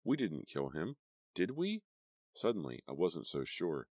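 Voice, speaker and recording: A man with an extremely deep voice reads a horror audiobook in a dramatic, measured way. The sound is dry and close, with almost no room. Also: big pitch swings, a little mellow, dry recording. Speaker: audiobook narrator. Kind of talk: scripted horror audiobook narration.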